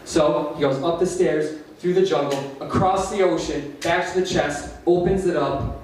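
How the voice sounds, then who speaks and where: A man with an Upper Midwest American accent tells rambling stand-up jokes, laughing nervously at himself. His slightly high voice sounds far from the mic in a very echoey cafe room. A faint hiss sits under the recording. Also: steady tone, moderate pace, hardly any pauses, darkish tone. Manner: rambling, self-deprecating joke telling with nervous laughs. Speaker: open mic comedian. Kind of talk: stand-up comedy. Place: small cafe stage.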